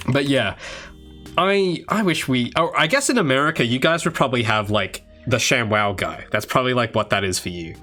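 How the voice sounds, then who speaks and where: A man's voice: mid-range voice, animated, a little fast, pushed and bright, soft background music. A man, a game developer, chatting casually with viewers on a live stream while he works, rambling with restarts and asides. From Australia. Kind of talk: casual livestream chat while working.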